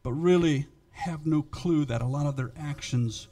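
A man preaching a sermon to his congregation, emphatic and swinging in loudness, halting and repeating words when he speaks off the cuff. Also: a little high. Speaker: pastor.

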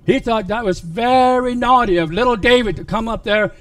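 A man preaching a sermon, retelling a Bible story in a halting way with many restarts. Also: very high-pitched, a bit bright, no echo, recorded from a distance.

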